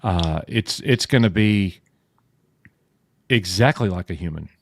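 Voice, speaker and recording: A man's voice: low-pitched, measured pace, dry recording, studio quality. A man hosting a casual livestream chat, opinionated and drawn out when making a point. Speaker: podcast host.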